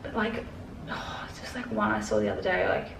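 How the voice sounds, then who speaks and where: A woman's voice: mid-range voice, steady tone, a little fast, gravelly. Anxious, rambling young woman on the verge of tears. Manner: anxious, rambling, swears often, many "like" fillers. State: tearful and stressed. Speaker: sewing pattern designer. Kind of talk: casual vlog to camera. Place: bedroom at home. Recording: echoey room with faint background noise.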